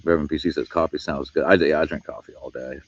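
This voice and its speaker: Amid chirping crickets, a paranormal livestreamer makes his way around a wooded camp at night, chatting to viewers in a relaxed, meandering manner. His very deep voice stays steady and moves at a quick pace, while the recording lacks highs and has a little hiss or hum.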